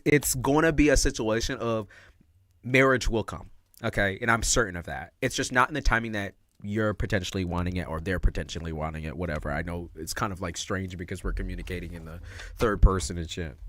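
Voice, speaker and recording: A man's voice: fairly low pitch, fairly bright tone, no echo, studio quality. A man giving a casual livestream tarot reading, talking in slang, with lots of expression and frequent laughs. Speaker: tarot reader.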